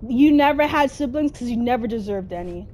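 A woman's voice: on the high side, lively intonation, a little fast, darkish tone, slight background noise. A woman giving frustrated gameplay commentary, cursing at the game nonstop. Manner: constant angry cursing at the game. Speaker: gamer.

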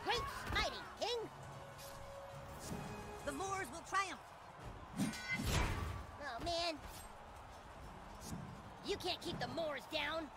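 Actors voicing bratty cartoon boys playing at medieval knights in a game, shouty and boastful. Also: male voice, very high voice, lively intonation, very slow, pauses often, full character voice. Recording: loud game music behind.

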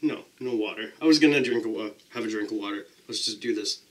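A man's voice: fairly low pitch, fast talker. A man casually talking to the camera as a pepper-eating vlogger, chatty and self-deprecating, describing the burn as it builds.

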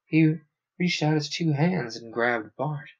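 A man narrating a science fiction novel aloud on a stream, steady with small stumbles. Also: a little high, takes it slowly, breathy edge. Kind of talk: audiobook-style reading. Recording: dull lo-fi sound.

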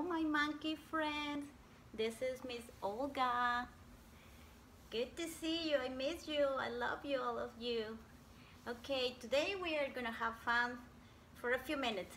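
A woman teaching a preschool class by video, talking slowly and cheerfully in a sing-song way to small children. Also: high-pitched, fairly bright tone, a little hiss or hum.

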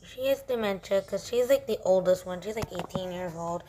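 A woman's voice: mid-range voice, normal speed, hardly any pauses, warm tone, slight background noise. A woman vlogging at home with a handheld camera, chatting in a rambling way with lots of fillers as she shows her cats. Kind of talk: casual home vlog. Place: at home, walking between rooms.

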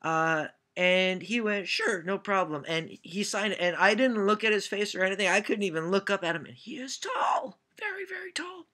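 Speaking at a moderate pace with few pauses, this woman has a medium-pitched, animated, slightly bright voice and a Canadian accent. She's telling stories in a laid-back vlog Q&A, full of "uh"s and jokes at her own expense.

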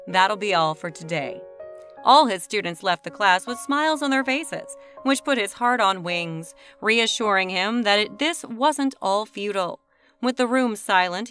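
Woman narrator, bright, clear reading voice, measured pace, faint music under her. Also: medium pitch. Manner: smooth, measured storybook reading. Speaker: storyteller. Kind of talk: scripted narration.

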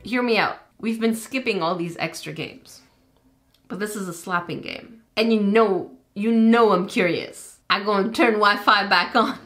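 Bright-voiced woman gaming host. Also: medium pitch, a little slow, soft background music. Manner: chatty, confused, laughing, talking to viewers. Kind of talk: casual let's-play commentary. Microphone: desk microphone.

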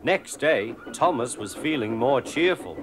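Slow, lively British storybook narrator. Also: male voice, medium pitch. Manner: measured, expressive storytelling. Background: music.

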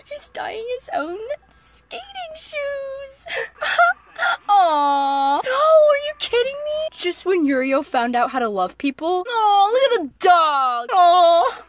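A young woman chatting through an anime rewatch in a high, bright voice that swoops all over the place. She drawls slowly between sudden squeals and shouts. A faint hiss of noise sits under the recording. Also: big pitch swings. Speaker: anime reaction vlogger. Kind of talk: casual reaction commentary.

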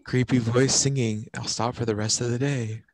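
A man's voice: medium pitch, fairly even intonation, moderate pace, darkish tone, no echo. Playful teasing male teacher, dry sound. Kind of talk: online class morning meeting.

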